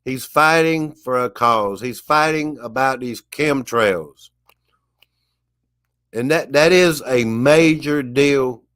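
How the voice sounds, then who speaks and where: A man's voice: medium pitch, takes it slowly, a bit bright. Emphatic, preachy man ranting. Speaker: vlogger. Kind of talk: casual monologue rant.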